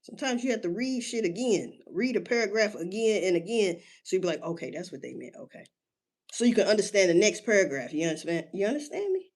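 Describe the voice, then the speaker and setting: A woman ranting casually to her listeners in street slang, cursing freely and firing off rhetorical questions, with drawn-out emphasis and sudden jumps in pitch. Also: expressive, darkish tone. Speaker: solo commentator. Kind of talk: casual rant.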